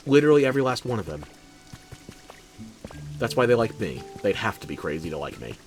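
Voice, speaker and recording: A worn-out man commentating his game stream with dry, theatrical sarcasm. His lowish voice jumps about in pitch, and quiet music plays under him. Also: big pitch swings, a little fast. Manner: sardonic, theatrical. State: tired.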